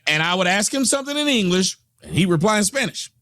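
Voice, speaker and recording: Brief: high-pitched American man, lively swooping delivery, dry close sound, profane scornful reaction host. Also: fast, no room sound. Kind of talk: ranting reaction commentary.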